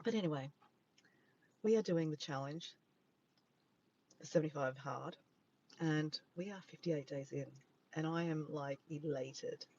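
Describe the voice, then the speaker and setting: A man's voice: fairly high pitch, a little slow, pauses often, a little mellow, muffled recording, a little hiss or hum. An Australian man chatting on a casual livestream from his phone in a parked car by the beach, rambling and easily sidetracked. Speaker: vlogger. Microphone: handheld phone camera.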